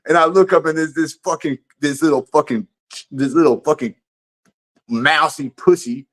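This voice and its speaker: A man's voice: a little high, brisk. Profane, rambling man telling a story. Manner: profane, rambling, animated with frequent restarts. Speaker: livestreamer. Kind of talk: casual storytelling on a livestream.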